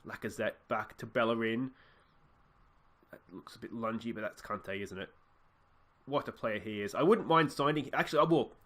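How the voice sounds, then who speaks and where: Young male let's-play host, chatty and excitable; bright, forceful tone at mid pitch. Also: normal speed, long pauses. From Australia. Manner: chatty, excitable, cheers at goals. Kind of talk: casual gameplay commentary.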